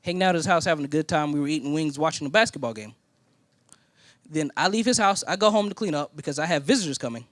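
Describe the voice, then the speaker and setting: A man's voice: a little high, fast, no echo, clean studio sound. A man from Indiana preaching a sermon as a personal story, acting out the other people in it. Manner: animated storytelling, acting out quoted voices. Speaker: pastor.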